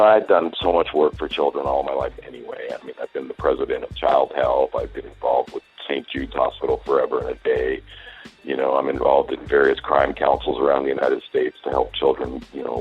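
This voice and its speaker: Very deep-voiced older man, husky. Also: fairly quick, lo-fi sound, soft background music. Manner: rambling, animated when quoting dialogue. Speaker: music industry executive, guest. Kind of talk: casual interview storytelling.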